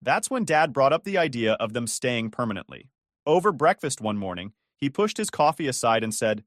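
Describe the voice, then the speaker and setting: A man reading a first-person story aloud in a steady, scripted narration. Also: medium pitch, normal speed, no room sound, clean studio sound.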